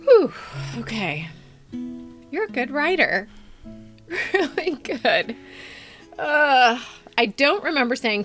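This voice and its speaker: A woman's voice: sits high, very animated, slow, long pauses, fairly bright tone, faint music behind. A woman in her fifties, a podcast co-host, giving candid and emotional feedback on a friend's writing in casual, filler-heavy chat. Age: 50s.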